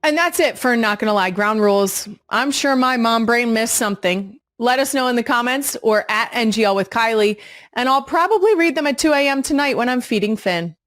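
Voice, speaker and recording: A woman's voice: fairly high pitch, expressive, a little fast, fairly bright tone, dry recording, studio quality. Blunt, sassy woman podcast host. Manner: blunt, sassy, swears freely. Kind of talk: casual monologue.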